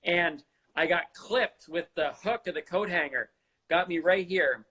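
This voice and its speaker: A man's voice: fairly high pitch, a little slow, bright, forceful tone. A man hosting a podcast, chatting in a joking way and repeating words as he thinks. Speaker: podcast host. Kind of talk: casual chat.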